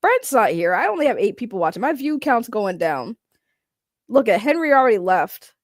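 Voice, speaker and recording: Give me a brash, foul-mouthed woman livestreamer with a slightly high voice, chatting casually. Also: very animated, no room sound, studio quality. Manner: brash, profane, quick to laugh, reacts to chat.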